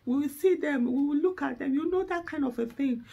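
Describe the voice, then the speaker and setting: A woman's voice: high voice, a little fast, creaky, dark tone, lo-fi sound. A middle-aged Nigerian woman with a Nigerian accent, delivering an impassioned, emotional speech to camera, fervent and close to tears. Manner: fervent, rising to exasperated outbursts. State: tearful, close to breaking down. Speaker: activist.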